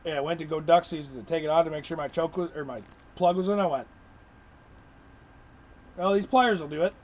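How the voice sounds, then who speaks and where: High-voiced man telling hunting stories. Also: brisk, darkish tone. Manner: storytelling, acts out quoted voices, laughs often. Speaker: podcast co-host. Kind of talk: casual chat. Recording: dull lo-fi recording with faint noise.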